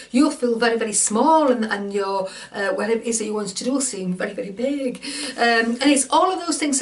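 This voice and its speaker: A woman giving an informal self-help coaching talk, chatty and repetitive, acting out inner voices. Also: fairly high pitch. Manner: chatty, repeats words, acts out inner voices.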